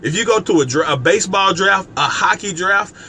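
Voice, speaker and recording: High-voiced, bright, emphatic man. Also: animated, fairly quick, slight background noise. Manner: emphatic, repeats key phrases; talks directly to viewers by name. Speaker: network marketing coach hosting a live stream. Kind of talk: motivational live-stream talk with scripture.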